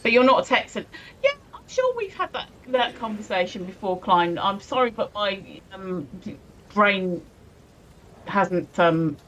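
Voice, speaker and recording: A woman's voice: mid-range voice, sing-song, a little slow, fairly bright tone, slight background noise, rough recording. A woman co-hosting a casual live stream, giggling often as she reads viewers' messages aloud. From England. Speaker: stream co-host.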